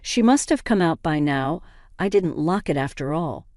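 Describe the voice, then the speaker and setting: A woman's voice: low voice, animated, moderate pace, a little mellow, dry recording, clean studio sound. A woman voicing a guilty, defensive husband in a storybook drama, in her own plain reading voice. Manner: evasive, defensive. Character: guilty, defensive husband and father, adult man.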